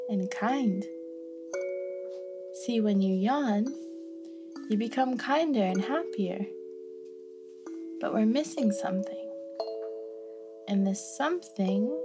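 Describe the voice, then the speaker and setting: Woman storyteller, children's bedtime yoga tale: playful, coaxing, unhurried pace. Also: fairly high pitch. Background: loud glockenspiel and marimba music.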